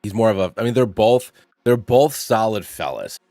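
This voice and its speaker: A man's voice: fairly low pitch, expressive, moderate pace, dark tone, no room sound, clean studio sound, soft background music. A young man hosting a channel, talking through his picks in a rambling, playful way, with lots of fillers. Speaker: channel host. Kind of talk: casual gaming commentary.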